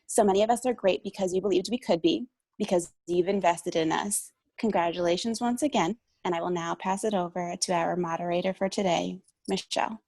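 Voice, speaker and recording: A woman's voice: lowish voice, steady tone, a little fast, a little mellow, no echo, low-quality recording. A woman reading a formal, ceremonious tribute introducing a panel moderator. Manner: earnest, ceremonious delivery.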